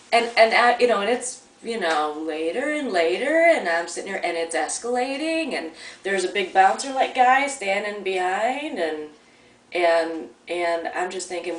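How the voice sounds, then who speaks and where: A woman's voice: medium pitch, lively intonation, a little slow. A woman casually telling a personal story at home in a chatty, rambling way, often restarting her sentences. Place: at home, near a coffee maker. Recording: roomy sound from a distant mic.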